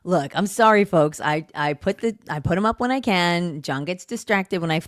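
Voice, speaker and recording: Lady cohost, low-ish voice, blunt and cussing, laughs a lot, dry sound. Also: lively intonation, normal speed, dry recording. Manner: blunt, swears, laughs easily. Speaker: podcast co-host. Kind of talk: casual rant chat.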